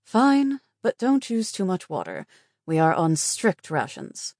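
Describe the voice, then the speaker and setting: A woman reading an audiobook, voicing a stern middle-aged night nurse who speaks curtly and with clear disapproval. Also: low-pitched, big pitch swings, moderate pace, a little mellow, no echo, clean studio sound, full character voice. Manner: disapproving, curt.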